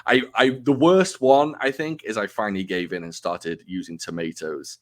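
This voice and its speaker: A man's voice: on the low side, normal speed. A British man in his forties, hosting an interview in a chatty, self-deprecating way, restarting his sentences as he talks. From United Kingdom. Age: 40s. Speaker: podcast host. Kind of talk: casual interview chat.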